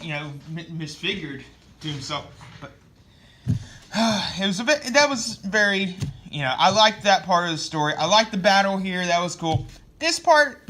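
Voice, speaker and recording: Bright-voiced man in a sarcastic review. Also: high-pitched. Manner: rambling, sarcastic, swears and laughs. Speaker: comic book reviewer. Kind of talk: casual spoken review.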